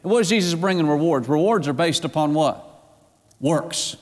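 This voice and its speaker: Male preacher, slightly high voice, emphatic sermon delivery, long church-hall reverb. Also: lively intonation, moderate pace. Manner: emphatic, rhetorical questions to the congregation.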